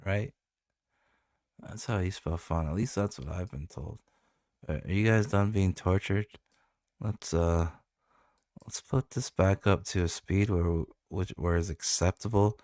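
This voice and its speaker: A man's voice: sits low, darkish tone, dry recording, clean studio sound. A man teasing his stream audience with crude, sarcastic asides. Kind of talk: casual stream chat.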